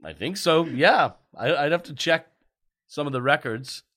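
A man's voice: fairly high pitch, lively intonation, moderate pace, a bit bright, voice pushed up. A man putting on a flustered Father Christmas. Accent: fake British. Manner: hesitant, improvising answers.

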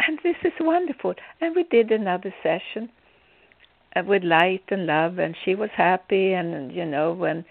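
A woman's voice: lowish voice, lively intonation, normal speed, gravelly, dry recording. A woman spiritual healer giving an inspirational talk, telling stories theatrically and with humor. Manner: theatrical, acts out scenes with humor. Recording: tinny phone-like, dry sound.

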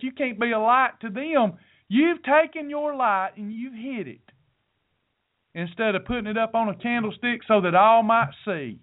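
Man preaching over a tinny line. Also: high voice. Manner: folksy, sermon-like, addresses listeners directly. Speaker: podcast host. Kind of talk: preachy motivational talk. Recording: tinny phone-like audio.

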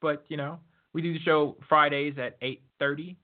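Man, podcast host, laid-back, relaxed, casual chat, tinny phone-quality audio. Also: a little high, normal speed. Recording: phone-like lo-fi line.

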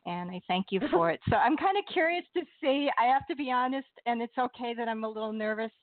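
A woman phoning in to a radio show, telling a story in a bubbly, animated way and laughing often. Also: mid-range voice, no room sound. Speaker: caller. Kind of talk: excited phone-in storytelling. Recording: tinny phone line.

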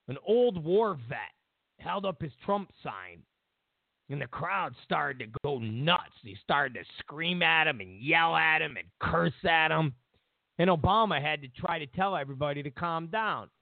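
A man hosting a political commentary show, ranting in a mocking, animated way over a phone line. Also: a little high, measured pace, vocal fry, dry recording. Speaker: host.

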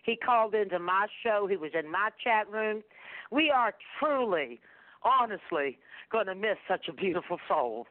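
A woman's voice: mid-range voice, animated, moderate pace, no echo. Soothing preachy woman on a phone line. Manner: soothing, preachy, calls people darling. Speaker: caller and fellow radio host. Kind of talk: comforting call-in talk. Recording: tinny phone line, dry.

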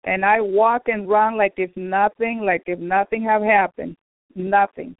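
Slow woman on a tinny phone line. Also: medium pitch, fairly even intonation, dry recording. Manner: earnest, repetitive, addresses brothers and sisters. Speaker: radio program speaker. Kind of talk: personal faith testimony.

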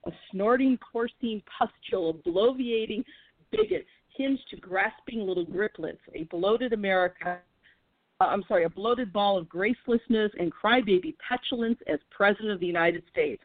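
A woman's voice: medium pitch, no room sound. Woman interviewer on a tinny line. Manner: reads quotes aloud, halting with fillers. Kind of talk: radio interview, reading quotes. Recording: dry, tinny phone line.

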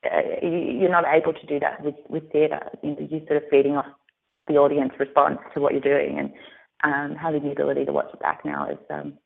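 A woman's voice: low voice, little pitch movement, brisk, vocal fry. A young woman with an Australian accent mixed with American, an actress chatting upbeat with many fillers in a phone interview. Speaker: actress guest. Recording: tinny phone line.

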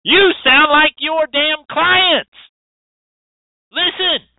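A man's voice: very high-pitched, drawn-out words, no echo. A man hosting a show and lecturing bluntly, with swearing and preachy emphasis. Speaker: host and hoodoo teacher. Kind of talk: lecturing monologue. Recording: dry, tinny phone-like sound.

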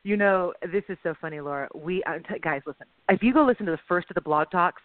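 A woman co-hosts a casual podcast, talking fast and animated and poking fun at herself. Her voice comes through a tinny phone line with no room sound. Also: fairly low pitch, no room sound. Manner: chatty, animated, self-deprecating. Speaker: podcast co-host. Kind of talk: casual chat.

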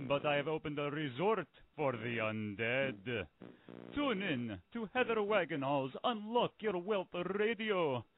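An actor playing Count Dracula, a suave old male vampire, in a comic radio promo, with a slow theatrical drawl over a tinny line. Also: sits high, slight background noise, full character voice.

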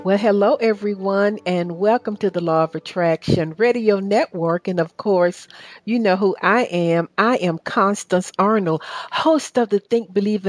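A woman's voice: mid-range voice, no echo. A woman with a Southern US accent hosting a radio talk show, chatting and telling a heartfelt personal story. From Atlanta area, US.

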